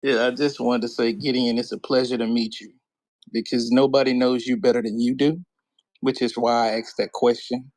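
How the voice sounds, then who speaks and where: A man giving calm, earnest feedback to a speaker. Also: medium pitch, normal speed, no echo, low-quality recording.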